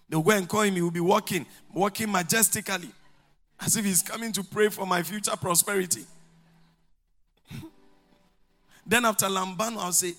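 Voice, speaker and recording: A man's voice: sits high, normal speed, faint music behind. A male pastor preaching a sermon, telling stories and acting out the dialogue. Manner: animated storytelling, acting out dialogue, laughing along.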